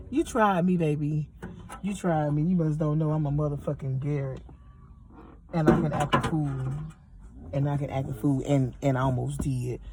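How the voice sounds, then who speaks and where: A woman's voice: deep voice, heavy background noise. A woman in her thirties ranting in a heated, profane storytime from her parked car. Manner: heated, profane, animated retelling. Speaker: vlogger telling a story. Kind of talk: angry storytime rant.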